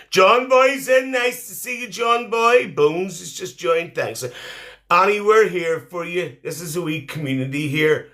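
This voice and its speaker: Here the man goes heavily into character, his voice high-pitched, sharp and unhurried, as a chatty, cheeky middle-aged auntie. Live-streaming on a phone, he reads comments aloud while teasing and mothering his viewers.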